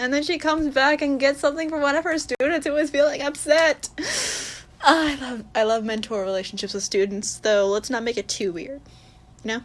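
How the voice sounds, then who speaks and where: Brief: young-sounding woman, high voice, gushing casual fan chatter with squeals. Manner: gushing, bursts into excited squeals. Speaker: fan video creator.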